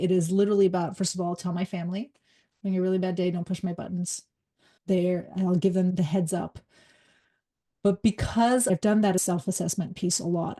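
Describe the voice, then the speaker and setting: A leadership coach with a psychology background, middle-aged and lowish-voiced, leads a live workshop. She delivers her talk rapidly, with a direct, energetic style.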